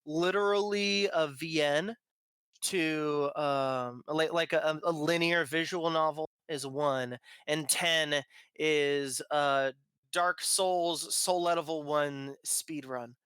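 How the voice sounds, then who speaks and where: Bright-voiced joking man who swears. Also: fairly high pitch, fairly even intonation, clear, resonant tone, dry recording. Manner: swears casually, quick jokey interjections, talks over others. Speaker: podcast co-host. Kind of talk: casual chat among friends.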